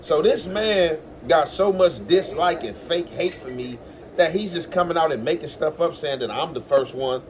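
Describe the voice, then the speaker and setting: A man's voice: fairly high pitch, normal speed, noisy background. A man hosting his own commentary show, talking back to a podcast clip in a defensive, insistent way and acting out what others said. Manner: defensive, insistent, acts out quotes. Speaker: host.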